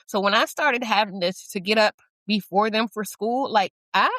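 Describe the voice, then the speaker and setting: A woman's voice: mid-range voice, moderate pace, sharp tone, dry recording. A middle-aged woman hosting a casual podcast chat, talking candidly and with self-deprecating humor. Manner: candid, self-deprecating, chatty with frequent likes and you-knows. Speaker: podcast host.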